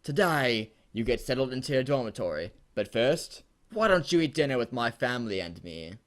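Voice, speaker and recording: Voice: mid-range voice, big pitch swings, moderate pace, close to an everyday voice. A reader voicing an old male wizard headmaster, making grand, theatrical announcements in a comic story reading. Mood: grandly announcing. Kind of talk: mock-dramatic story reading.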